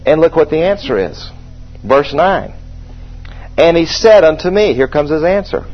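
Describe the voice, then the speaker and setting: A man preaching a sermon to a congregation, slowing down to press on each line of scripture. His voice is husky and sits at an everyday pitch. The recording sounds dull and lo-fi. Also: lively intonation. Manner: conversational, asks the congregation questions, slows and stresses scripture. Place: church service with a congregation.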